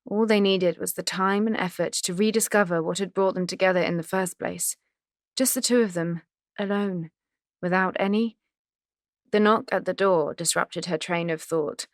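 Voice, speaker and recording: Brief: woman reading fiction with a wry, chatty tone, lowish pitch. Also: fairly even intonation, normal speed, no echo, studio quality. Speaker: audiobook narrator. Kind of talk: scripted narration.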